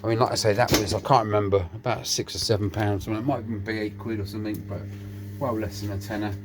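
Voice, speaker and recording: A man's voice: lowish voice, fairly even intonation, fast, noisy background. Chatty man in his shed. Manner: chatty, rambling, cheeky asides, muttering to himself. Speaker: workshop vlogger. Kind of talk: casual chat while working. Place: home workshop shed.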